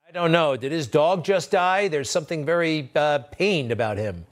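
Man, news host, skeptical and wry, slightly high voice. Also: lively intonation, moderate pace. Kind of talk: conversational interview.

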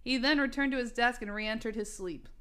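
A woman's voice: a little high, a little fast, a bit bright, clear, resonant tone. A woman in her thirties reading her old teen story aloud, breaking into laughter and self-mocking asides. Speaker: reader.

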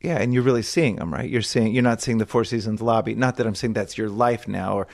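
A roughly fifty-year-old man hosts an interview podcast, his questions wandering and restarting as his enthusiasm outpaces him. He's casual and laughs easily. His voice is lowish, creaky and somewhat dark, with a steady tone.

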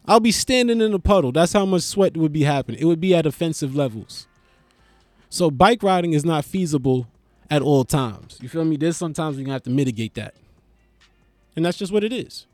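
New comedian, raised-pitch voice, rambling profane riffs, dry close sound. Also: male voice, animated, a little fast, darkish tone, no echo, soft background music. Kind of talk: stand-up style comedic monologue.

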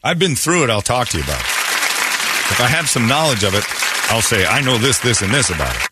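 A man's voice: mid-range voice, very animated, fast talker, over a noisy crowd, heavy background noise. A man in his fifties hosting a talk show, joking loosely and laughing often as he banters. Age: 50s. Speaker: radio show host.

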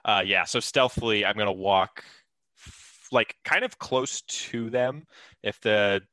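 A man's voice: on the low side, takes it slowly, sharp tone, dry recording. A young man talking as a player in a tabletop game, hesitant with many fillers.

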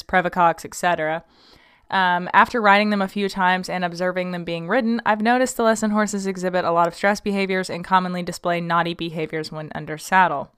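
A woman's voice: on the low side, fairly bright tone, clean tone. A young woman hosting a casual podcast, reading out a listener's question and chatting about it with many ums and likes. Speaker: podcast host.

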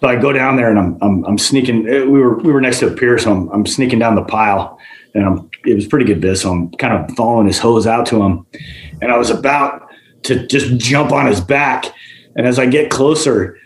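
A man, a guest, telling work stories in a casual, animated way, acting out the voices of the people in them. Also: medium pitch, fairly quick, echoey room, rough recording. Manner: animated, acts out quoted voices. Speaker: guest, general manager. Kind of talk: casual storytelling.

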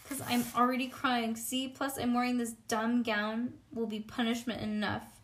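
Woman putting on a little schoolgirl, spunky, outspoken, high and loud. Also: flat delivery, moderate pace, natural voice. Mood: pleading. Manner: loud, indignant, childish.

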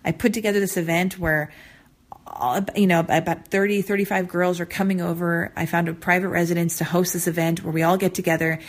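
A young woman hosts her podcast alone, talking candidly and emotionally to listeners. She rambles and circles back on her words, with a voice that sits slightly low for a woman. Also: steady tone, fairly quick. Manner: emotional, rambling, repeats herself. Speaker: podcast host. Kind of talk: solo podcast intro, candid venting.

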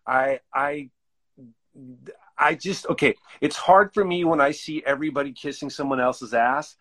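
A man's voice: medium pitch, fairly bright tone. A laid-back man hosting a casual chat who swears freely as he talks.

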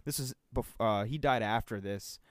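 A young man from Michigan's Upper Peninsula, co-hosting a podcast, telling a story in an animated, swear-heavy way and acting out the lines of the people in it. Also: on the low side, moderate pace, no echo, clean studio sound. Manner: animated, swears a lot, acts out quotes. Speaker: podcast co-host. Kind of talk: casual storytelling chat.

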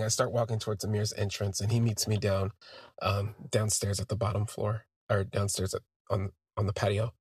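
A man's voice: fairly low pitch, slightly rough, dry recording, studio quality. A man hosting a podcast, telling a personal story in a conversational way and quoting what friends said to him. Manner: conversational, recounting events with quoted dialogue. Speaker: podcast host.

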